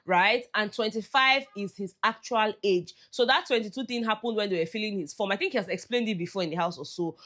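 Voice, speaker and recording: A woman with a Nigerian accent and a mid-range, fairly bright voice gives casual commentary recapping a reality show. As she talks, she slips into Pidgin phrases.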